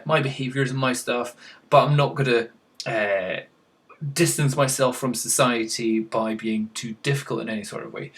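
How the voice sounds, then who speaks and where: A man's voice: medium pitch, fairly bright tone. A man chatting casually to camera in a rambling, self-mocking way, chuckling at himself. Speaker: vlogger.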